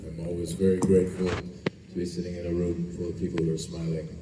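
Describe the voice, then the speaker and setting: A man, an actor, answering fans at a convention panel in a relaxed, joking, self-deprecating way. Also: deep voice, a little fast. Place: large convention hall. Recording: echoey hall, distant mic, noisy crowd.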